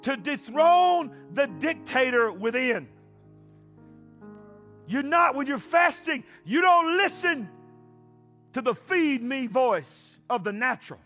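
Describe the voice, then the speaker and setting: Pastor, male, bright high voice, shouting call-and-response sermon. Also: big pitch swings, slow, pauses often, faint music behind.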